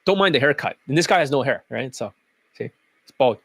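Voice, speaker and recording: A man's voice: medium pitch, animated, brisk, creaky, fairly bright tone, no echo. A man who coaches dating, ranting in a profane, mocking way about other coaches. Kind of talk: ranting video commentary.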